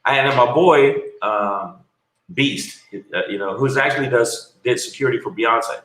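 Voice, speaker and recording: A man's voice: medium pitch, a little slow, echoey room, rough recording. A man, a comedian guest, telling stories in a casual interview, blunt and profane. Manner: blunt, profane, animated storyteller.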